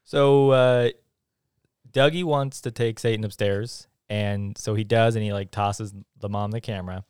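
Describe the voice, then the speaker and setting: Male podcast co-host, mid pitch, smooth voice, dry close mic, giggly recap energy. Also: fairly even intonation, darkish tone, no echo. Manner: chatty, laughing, acts out characters' lines in quick impressions. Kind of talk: casual movie recap chat.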